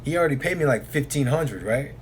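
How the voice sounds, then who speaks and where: A man's voice: medium pitch, expressive, fast talker, slight background noise. A man who drives oilfield trucks tells a rambling, profane story in a casual vlog, repeating himself and filling the gaps with asides.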